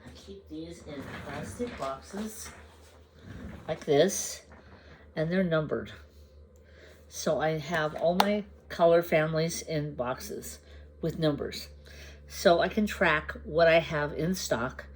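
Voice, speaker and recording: A woman crafting vlogger chatting casually to the camera. She shows her projects at an unhurried pace, pausing to gather her thoughts and sometimes asking the viewers questions. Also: low voice, background noise. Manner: unhurried, chatty, meandering with pauses. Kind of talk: casual show-and-tell chat to camera.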